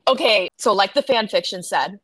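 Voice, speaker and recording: A woman with a fairly high voice co-hosts a casual fan recap chat. She is excitable, gasps often and swears freely, with quick, loose phrasing. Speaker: podcast co-host.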